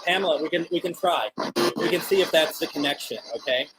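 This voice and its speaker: A man hosting a live paranormal show, calmly coaxing spirits with questions and frequent hesitations. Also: fairly high pitch, quick pace, background noise. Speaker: paranormal radio show host. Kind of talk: live spirit box session, addressing spirits and chat.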